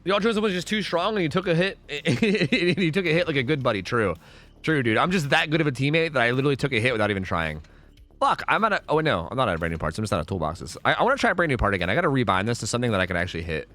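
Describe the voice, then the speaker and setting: A young man streaming a video game, rambling and swearing, swinging between groans and excited outbursts. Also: mid-range voice, rapid-fire. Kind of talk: live gameplay commentary.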